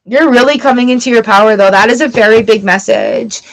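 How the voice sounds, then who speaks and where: A woman's voice: a little high, brisk. Woman from canada doing a live tarot stream, chatty and upbeat, talks right to her viewers. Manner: animated, affirming, chatty, greets viewers by name. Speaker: tarot reader.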